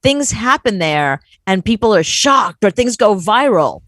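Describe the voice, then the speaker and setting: This is a woman with a Long Island New York accent, chatting with a co-host in a loud, animated way. Her pitch swings widely as she tells her stories. The sound is dry and close. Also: a little slow, dry recording. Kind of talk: casual comedic chat.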